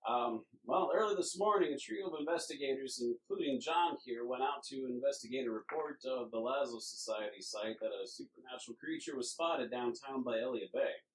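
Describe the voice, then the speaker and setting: A man's voice: mid-range voice, recorded from a distance, lightly acted, poor audio. A man voicing a polite, businesslike leader. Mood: explaining. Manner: formal, measured briefing with hesitations.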